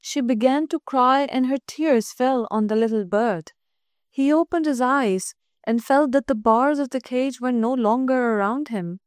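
A woman reading a storybook aloud in a gentle, measured way. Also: sits high, clear, resonant tone, no room sound, clean studio sound.

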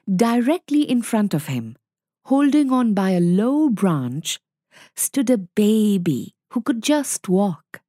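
Woman narrator, slow read-aloud, lively pitch, dry close sound. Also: no room sound. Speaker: storyteller.

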